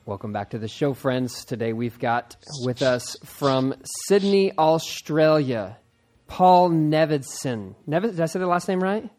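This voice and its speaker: A man who is a pastor, hosting a casual podcast interview, excitable and quick to laugh as he rambles through stories. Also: fairly high pitch, faint music behind.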